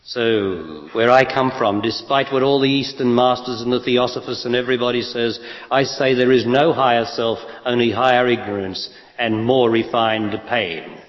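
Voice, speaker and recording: A man's voice: mid-range voice, normal speed. A man giving a spiritual talk to an audience, blunt and emphatic, asking rhetorical questions. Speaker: spiritual teacher. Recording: lo-fi echoey hall.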